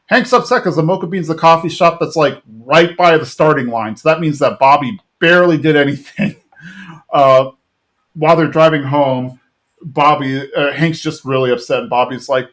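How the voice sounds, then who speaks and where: A man's voice: on the high side, normal speed, a bit bright. A man hosting a podcast, casually recapping a cartoon episode in a rambling way with many fillers and restarts. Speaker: podcast host.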